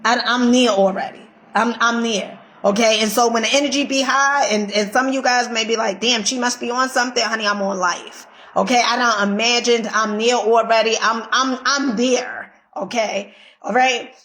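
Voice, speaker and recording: A woman's voice: fairly high pitch, fairly even intonation, normal speed, fairly bright tone. A woman giving a casual motivational pep talk, emphatic and repetitive, swearing freely and checking in with "okay?". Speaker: motivational vlogger.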